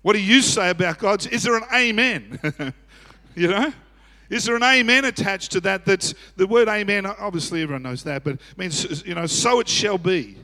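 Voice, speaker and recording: A man preaching a sermon as pastor, swinging from quiet asides to loud shouting and often chuckling. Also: high-pitched, moderate pace. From Australia. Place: church auditorium. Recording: echoey church hall.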